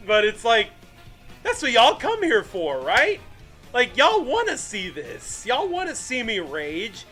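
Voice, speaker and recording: Excitable high-voiced male sports streamer. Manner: self-mocking, excitable, rants at the game. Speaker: streamer doing game commentary. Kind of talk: live-stream fan commentary.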